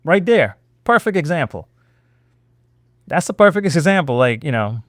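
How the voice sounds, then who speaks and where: A man hosting a political reaction show, talking in a sarcastic, animated way with many rhetorical questions. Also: on the high side, normal speed, dry recording, studio quality. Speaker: host.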